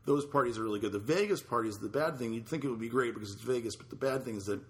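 A man's voice: medium pitch, racing. A man hosting a podcast in casual chat, talking in a loose, blunt way with casual swearing. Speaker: podcast host.

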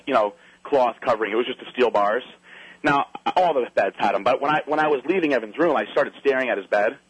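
A man's voice: mid-range voice, slightly rough, dry recording, poor audio. A man in a casual chat, telling a long story as a guest and animatedly acting out what other people said.

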